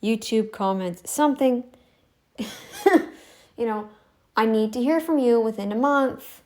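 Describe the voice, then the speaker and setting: A woman's voice: fairly high pitch, measured pace, darkish tone. A woman talking off camera from her home, repeating her demands in a confrontational way with frequent restarts. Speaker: YouTube commentary channel host. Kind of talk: casual direct-to-camera monologue. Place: home room, not in frame.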